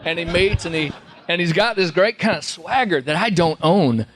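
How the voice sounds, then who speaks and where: Chatty storytelling man, higher voice. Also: lively intonation, moderate pace. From Texas. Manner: rambling storyteller, slips into impressions and laughs. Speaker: convention panel guest. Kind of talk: casual anecdotal Q&A.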